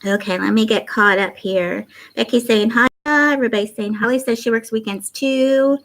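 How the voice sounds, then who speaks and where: A woman's voice: on the high side, steady tone, normal speed, rough recording. A middle-aged woman hosting a craft livestream, chatting casually and reading out viewers' comments. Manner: chatty, warm, reads viewer comments aloud.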